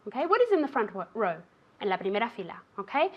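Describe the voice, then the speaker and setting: A woman's voice: mid-range voice, sing-song, fast, lo-fi sound. A woman teaching an English lesson on a show, encouraging a student and the viewers at home, often checking in with "okay?". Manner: encouraging, ends phrases with "okay?".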